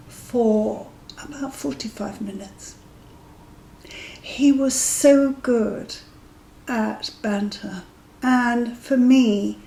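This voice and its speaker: A woman's voice: mid-range voice, gravelly, darkish tone, roomy sound, poor audio. A woman in her fifties telling a dating story in a chatty, amused way, sometimes dropping to a whisper for asides. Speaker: vlogger sharing dating stories. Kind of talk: casual anecdotal storytelling.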